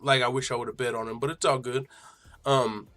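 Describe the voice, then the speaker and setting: A man's voice: medium pitch, flat delivery, normal speed, fairly bright tone, soft background music. A slightly tipsy man hosting a live fight reaction stream, rambling and swearing in casual, boastful talk. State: a little tipsy. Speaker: livestream host reacting to fights.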